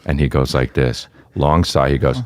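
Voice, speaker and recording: A man's voice: rumbling low, normal speed. A man telling a comedic story in casual chat, swearing and voicing the people in it. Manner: animated, voices characters in his story, swears freely. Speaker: comedian guest.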